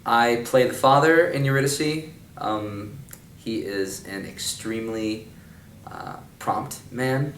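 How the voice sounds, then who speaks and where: A man's voice: medium pitch, slow pace. A young man, a stage actor, reflecting on his character in an interview. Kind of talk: interview about a role. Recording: roomy, distant mic, faint noise.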